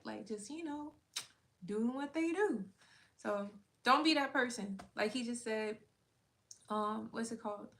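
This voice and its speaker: Chatty woman with a fairly high voice. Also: fairly bright tone. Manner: chatty, loose and candid, peppered with "like" and swearing; laughs often between thoughts. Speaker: livestream host. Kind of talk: casual faith chat on a night stream.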